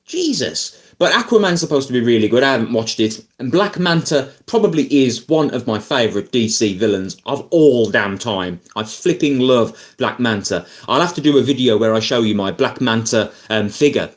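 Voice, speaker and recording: A man ranting casually about films as a YouTuber, rambling and animated, full of fillers and asides. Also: mid-range voice, normal speed, few pauses. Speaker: YouTuber film reviewer. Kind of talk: casual opinion rant.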